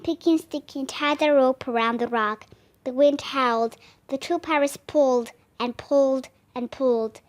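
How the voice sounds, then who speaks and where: A woman reading a children's book aloud, careful and deliberate. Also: sits high, steady tone. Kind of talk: storybook read-aloud.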